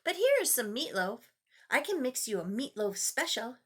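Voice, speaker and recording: A woman reading a storybook aloud, voicing an eager, cheerful young boy with bright replies. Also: a little high, very animated, normal speed, husky, full character voice. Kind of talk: reading a picture book aloud.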